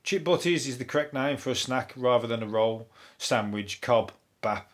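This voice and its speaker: A man, a comedian hosting a topical comedy podcast, ranting in a rambling, sweary, deadpan way. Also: mid-range voice, moderate pace. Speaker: comedian host.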